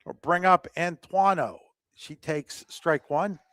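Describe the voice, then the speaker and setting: Man, high voice, play-by-play commentator, conversational, dry close mic. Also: takes it slowly, no room sound. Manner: conversational, rising excitement on plays. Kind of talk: live sports commentary.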